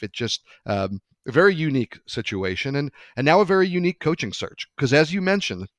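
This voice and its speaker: A man's voice: on the high side, very animated, brisk, hardly any pauses, no echo. A man hosting a sports talk show, chatting loosely with some hesitations and putting questions to his co-host.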